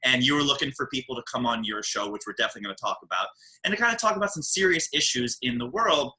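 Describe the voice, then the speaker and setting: Host: chatty American man, very bright forceful tone, mid pitch, jokey. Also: expressive, rapid-fire, rough recording. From Baltimore, USA. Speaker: podcast host. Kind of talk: casual chat.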